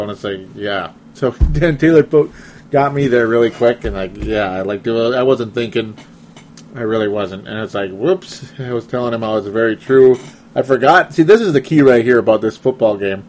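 A man's voice: medium pitch, normal speed, a little mellow, a little hiss or hum. Chatty man hosting a sports podcast. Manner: chatty, self-deprecating, laughs often. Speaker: podcast host reading listener comments. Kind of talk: casual sports talk show.

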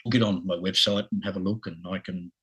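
A man in his sixties with an Australian accent, a podcast guest talking haltingly with lots of restarts and chuckles. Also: sits low, steady tone, a bit bright, breathy edge, rough recording. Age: 60s. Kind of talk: casual interview.

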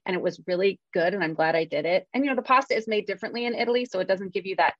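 A woman's voice: medium pitch, racing, fairly bright tone, dry recording. Podcast co-host: woman, easy jokey storyteller, muffled dry mic. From California. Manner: chatty, self-mocking, acts out quotes. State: jet-lagged. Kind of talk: casual podcast chat. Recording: slightly dull, dry audio.

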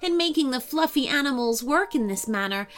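A woman reads a children's bedtime story with a lot of rise and fall in her voice. Her narration is scripted and expressive, and faint music plays underneath. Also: sits high, a little fast. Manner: lively, expressive reading.

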